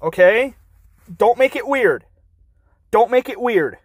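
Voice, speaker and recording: A man's voice: very high-pitched, lively intonation, slow pace, slightly rough. A man streaming live from his phone, rambling and teasing his chat in a goofy, playful way. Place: car, then home.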